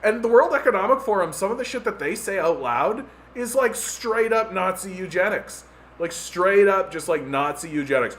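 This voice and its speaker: A high-pitched, expressive, slightly bright male voice at a moderate pace belongs to a Canadian podcast host. His laid-back rant drips with sarcasm, mocking impressions, and frequent "like" fillers.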